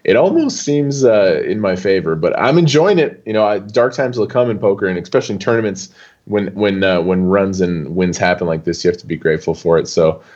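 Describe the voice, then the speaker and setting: A young man talks loosely as an interview guest, dropping casual fillers as he goes. His voice sits low. The recording is dull and lo-fi. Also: brisk. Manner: animated, loose, full of fillers like "dude" and "like". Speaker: poker player guest.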